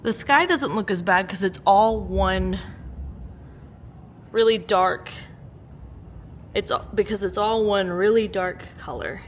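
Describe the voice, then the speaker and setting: A woman's voice: medium pitch, takes it slowly, pauses often, slight background noise. Chatty, joking woman vlogging at home. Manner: chatty and joking, laughs often, swears casually. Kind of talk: casual vlog chat. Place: at home during a storm.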